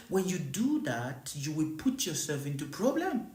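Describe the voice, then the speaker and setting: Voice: mid-range voice, sing-song, measured pace, darkish tone, reverberant. A spiritual teacher giving a live teaching, repeating points and asking listeners again and again whether they understand. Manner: repeats rhetorical questions to listeners; repetitive, emphatic preaching.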